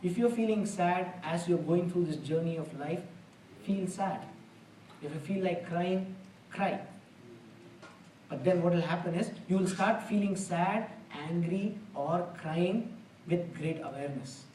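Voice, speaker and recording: A man's voice: high-pitched, measured pace, warm tone, a little hiss or hum. A man giving a conversational spiritual discourse in a temple hall, earnest and plain-spoken, with homely examples. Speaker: spiritual lecturer. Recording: roomy, distant mic in a hall.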